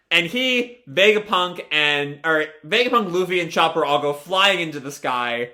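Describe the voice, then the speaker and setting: Lively man recapping a comic. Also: a little high, normal speed, hardly any pauses. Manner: casual, lots of fillers and restarts, animated. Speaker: video creator. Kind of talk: live reaction to a comic chapter.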